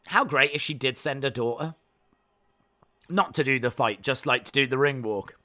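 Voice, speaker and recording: A man's voice: medium pitch, moderate pace, pushed and bright. An English man with a Midlands accent hosting a live watch-along stream, reading chat aloud and teasing viewers with jokes. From England. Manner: joking, teasing banter.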